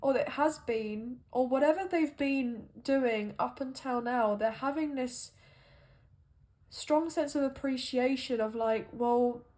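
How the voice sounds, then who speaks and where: Female tarot reader, higher voice, slow and musing, thinks aloud with fillers. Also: darkish tone. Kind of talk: intuitive tarot reading monologue.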